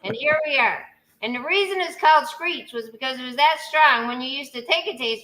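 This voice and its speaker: A woman with a Newfoundland accent, a lively, teasing storyteller on a video call. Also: sits high, a little fast, noisy background. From Newfoundland, Canada. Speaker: guest. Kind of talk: joking live-stream chat.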